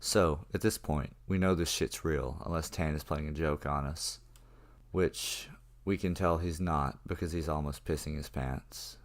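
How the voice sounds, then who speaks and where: A man with an extremely deep, low-pitched voice narrates a horror story. He tells it casually in the first person, with plenty of swearing. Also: fairly even intonation, a little slow. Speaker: creepypasta narrator.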